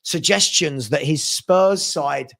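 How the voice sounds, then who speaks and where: Chatty male stream host, slightly high voice with some fry. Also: slow pace, a bit bright. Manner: chatty, thanks viewers by name. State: hiccups. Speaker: fan channel host. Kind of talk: casual live-stream chat.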